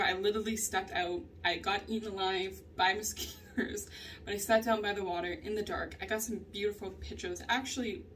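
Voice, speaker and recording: A woman's voice: mid-range voice, distant mic, slight background noise. A young woman talking candidly in a personal journal vlog, rambling and laughing often as she tells her story. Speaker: vlogger.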